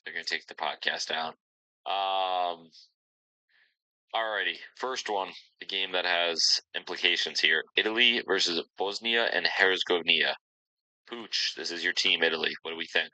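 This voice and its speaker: A man with a low, deep voice and a strikingly bright, forceful edge, hosting a casual sports podcast. He rambles along cheerfully and fills his pauses with ums and likes. The sound is close and dry, with no room around it. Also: no echo, low-quality recording. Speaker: podcast host.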